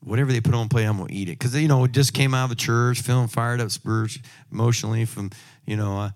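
A man preaching a sermon, emphatic, moving from loud exhortation to quiet asides and humorous personal stories. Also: medium pitch, steady tone, fast.

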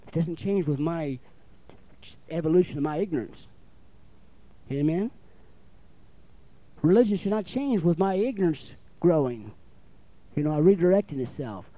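A man preaching with a high but mellow voice. He talks in a folksy, conversational way, keeps asking the congregation for an amen, and acts out little exchanges himself. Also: expressive, normal speed, pauses often, dry recording, rough recording. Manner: folksy, calls for amens, acts out little dialogues. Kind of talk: sermon.

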